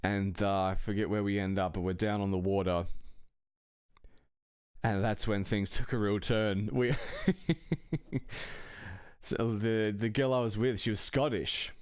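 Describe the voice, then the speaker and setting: A man's voice: on the low side, steady tone, measured pace, long pauses, darkish tone, clean tone, no room sound, clean studio sound. A man telling a personal anecdote in a casual, rambling way, swearing often and chuckling between phrases. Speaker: storyteller.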